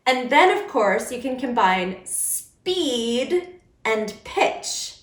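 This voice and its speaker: Lady teaching kids puppet voices, lively up-and-down voice, slow and echoey. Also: on the high side. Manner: playful, demonstrates voices as she explains. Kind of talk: instructional video for kids.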